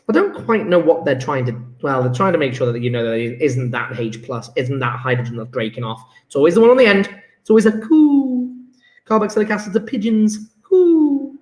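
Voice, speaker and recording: A man, a chemistry teacher reviewing homework in a classroom, chatty and enthusiastic, thinking aloud as he works through answers. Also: fairly high pitch. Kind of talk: recorded homework review lesson. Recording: echoey room.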